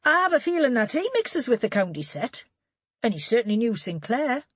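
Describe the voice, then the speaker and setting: A woman's voice: a little high, sing-song, a little fast, husky, no echo, voice pushed up. A woman voicing a wry gossiping man. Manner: chatty, wry and knowing. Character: genial middle-aged male shooting-set gossip. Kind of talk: audiobook character reading.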